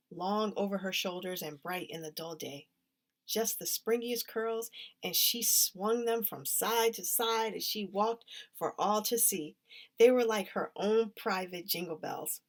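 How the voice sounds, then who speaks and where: A woman reading a children's story aloud in a lively, expressive way. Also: medium pitch. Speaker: story reader.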